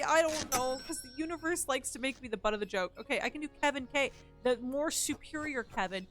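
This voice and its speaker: A woman live-streaming from home, chatting in a self-mocking way as she plays and sometimes yelling loudly at the customers in the game. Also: high voice, brisk, hardly any pauses, over music. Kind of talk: casual live-stream commentary while gaming.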